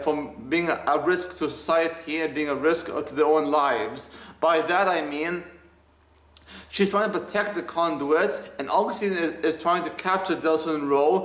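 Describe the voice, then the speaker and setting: A man's voice: on the high side, roomy sound. A man giving a casual spoken review of a video game, rambling and enthusiastic with many restarts.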